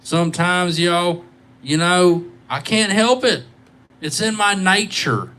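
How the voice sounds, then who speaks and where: A man's voice: high-pitched, slow, bright, forceful tone. A tired man rambling and joking with his viewers as he hosts a casual live guitar stream on a microphone. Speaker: livestreaming guitarist.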